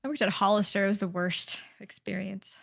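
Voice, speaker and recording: A woman's voice: mid-range voice, flat delivery, fairly quick, creaky, a bit bright, dry recording. A woman co-hosting a podcast in casual chat, laughing often and swearing casually. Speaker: podcast co-host.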